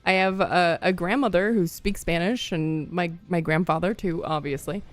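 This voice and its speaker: A young Midwestern woman livestreaming games chats casually with viewers, rambling through stories, laughing often, and greeting newcomers. Her voice is fairly low, at normal speed, with no room sound.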